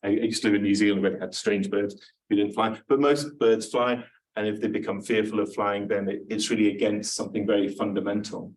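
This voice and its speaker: A man with a lowish voice gives a lecture in a relaxed, informal way. He fills his sentences with ums and false starts. He sounds slightly distant from the microphone. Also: brisk. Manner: informal, self-deprecating, with many fillers and restarts. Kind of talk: academic talk to an audience.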